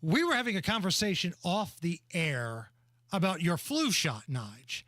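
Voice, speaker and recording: A male radio host trades blunt, mocking banter with his co-host. His voice is high and lively, recorded close and dry in a studio. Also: a little slow, no echo. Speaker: radio talk show host. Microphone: studio microphone.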